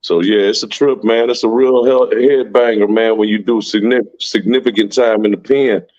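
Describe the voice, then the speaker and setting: A man's voice: lowish voice, steady tone, normal speed, darkish tone, dull audio. A man in casual conversation, talking bluntly in profane street slang and often tagging his sentences with "man".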